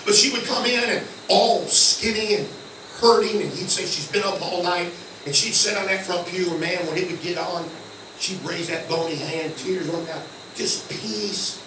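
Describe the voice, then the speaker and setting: An older man with a Southern American accent preaching a sermon, telling folksy stories that swing from hushed low tones to loud shouts. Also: moderate pace, background noise. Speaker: guest preacher. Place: church sanctuary. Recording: echoey church from far off.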